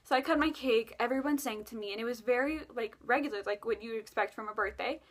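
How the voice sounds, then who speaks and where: A woman's voice: on the high side, fast talker. A young adult woman telling a spooky dream story in a rambling, casual way, with lots of fillers and self-corrections.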